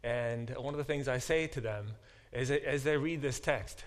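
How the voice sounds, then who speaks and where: Speaking at medium pitch and normal speed, a male professor lectures a Bible class. He reads verses out loud and explains them, and his delivery contains plenty of fillers and restarts.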